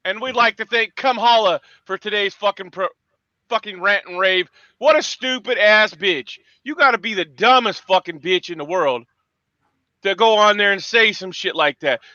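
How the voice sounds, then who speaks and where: A man hosting a morning livestream, swearing through angry, shouting tirades. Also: sits high, normal speed, no echo, dull audio. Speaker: host. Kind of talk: profane morning livestream rant.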